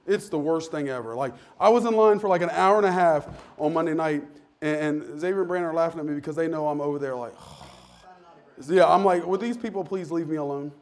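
A man preaching a casual, candid sermon to his church, with frequent restarts and lively asides. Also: on the high side, fairly quick. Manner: candid, self-deprecating, animated with many restarts. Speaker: pastor. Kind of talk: conversational sermon. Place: church sanctuary.

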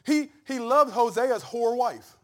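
A middle-aged male pastor preaching a sermon with folksy humor, swinging from soft, intimate asides to shouted climaxes. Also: extremely high pitch, slow pace. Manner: humorous, folksy storytelling with laughs.

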